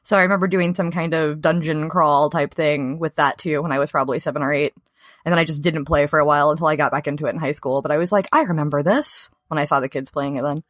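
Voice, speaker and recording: A woman in her thirties recalling her childhood in a relaxed, casual chat, laughing easily. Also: low voice, fast talker, no echo, studio quality. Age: 30s.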